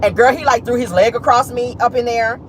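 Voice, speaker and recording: A vlogger voicing a chattering, gossipy inmate in a high, sing-song voice, peppered with "girl" and "like.". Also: fairly quick, natural voice. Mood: giddy. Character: jailed man turned girly and gossipy, chattering. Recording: noisy car interior.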